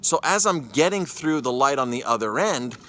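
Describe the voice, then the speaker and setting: A man telling a personal story in a casual vlog, animated, often stumbling over and repeating his words. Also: medium pitch, normal speed. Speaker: chef and cyclist vlogger.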